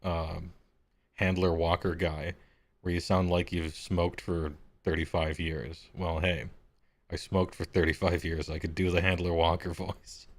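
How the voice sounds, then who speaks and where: A man with a deep voice, the game master chatting casually before a streamed tabletop session, rambling and self-deprecating. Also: level tone, a little slow.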